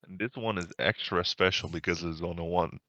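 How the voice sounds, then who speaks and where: A man's voice: low-pitched, steady tone, bright, forceful tone, no echo. A man playing a tabletop game, casual and playful, cracking jokes and laughing easily. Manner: joking, playful, quick to laugh. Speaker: player.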